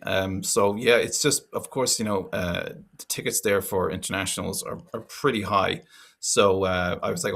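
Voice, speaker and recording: A man talks as an interview guest in a relaxed, rambling way, circling back with restarts and fillers. His voice sits low and carries a gravelly fry. It sounds a little husky rather than clean. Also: moderate pace. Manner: chatty storytelling with many fillers and restarts. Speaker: guest, rugby podcaster and ex-player. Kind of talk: casual interview chat.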